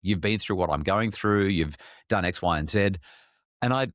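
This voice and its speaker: A man's voice: deep voice, moderate pace, fairly bright tone, no room sound, studio quality. A middle-aged Australian man, a parenting expert, talking candidly in a podcast conversation with many restarts and stammers.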